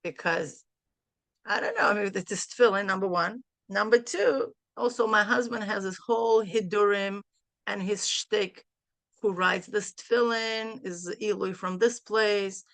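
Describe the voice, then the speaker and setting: A woman's voice: mid-range voice, vocal fry, a bit bright, dry recording. A middle-aged woman telling a family story to a group, acting out both sides of a phone call and mixing in Hebrew phrases. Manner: sprinkles in Hebrew and Yiddish phrases. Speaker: mastermind group leader.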